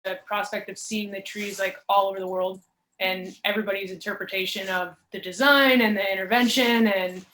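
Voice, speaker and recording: A woman's voice: mid-range voice, fairly even intonation, a little fast, fairly bright tone. A woman who is a student, talking on a video call in an enthusiastic way with lots of fillers. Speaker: student guest. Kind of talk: casual video-call conversation. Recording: echoey room with faint noise.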